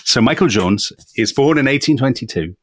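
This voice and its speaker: A man's voice: medium pitch, animated, normal speed, slightly rough, no echo. An English man co-hosting a history podcast, telling the story with enthusiasm and frequent chuckles. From England. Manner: enthusiastic storytelling, chuckles often, addresses co-host by name. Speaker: podcast co-host. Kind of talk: casual history podcast chat.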